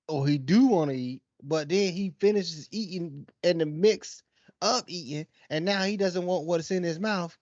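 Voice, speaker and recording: A man co-hosting a podcast, telling stories in a casual, animated way and acting out what others say. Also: a little high, no room sound, muffled recording. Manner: animated, exaggerated storytelling with acted-out quotes. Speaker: podcast co-host. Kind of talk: casual chat.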